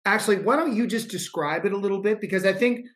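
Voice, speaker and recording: A man's voice: high voice, fast, fairly bright tone. A man hosting a podcast, asking questions and giving his views in a blunt, emphatic way, with some swearing. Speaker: podcast host. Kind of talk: conversational interview.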